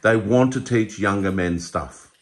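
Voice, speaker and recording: A man's voice: fairly low pitch, a little slow. An Australian man in his forties, chatting casually and telling stories, laughing often and acting out voices. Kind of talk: casual chat.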